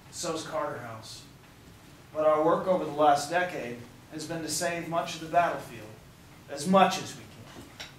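A hoarse man working as a tour guide, talking emphatically and with preacher-like passion to a group outdoors at a historic site. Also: a little high, slight background noise. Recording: distant, echoey outdoor recording.

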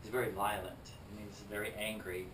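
A man's voice: on the low side, level tone, fairly quick, fairly bright tone, slight background noise, close to an everyday voice. A man voicing an easygoing, friendly brother who talks in a plain way. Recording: roomy, distant mic.

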